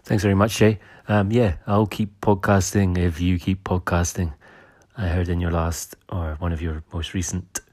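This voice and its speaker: Man, podcast host, casual chat, deep voice, hesitant. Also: flat delivery, normal speed, a little mellow. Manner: hesitant, full of ums and uhs. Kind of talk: casual chat reading listener messages.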